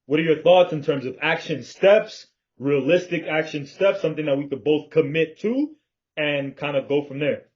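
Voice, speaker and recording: A man's voice: a little high, normal speed. Emphatic man on a lo-fi call. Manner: emphatic, confident, swears freely. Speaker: business partner. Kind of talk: casual planning chat. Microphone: video call. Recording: dull lo-fi call audio.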